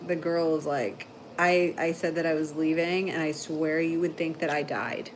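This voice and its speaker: A woman hosting a casual livestream, telling long rambling stories full of "like" and quick laughs. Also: deep voice, fairly even intonation, slight background noise. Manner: chatty storyteller, heavy "like" filler, frequent laughter. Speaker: livestream host.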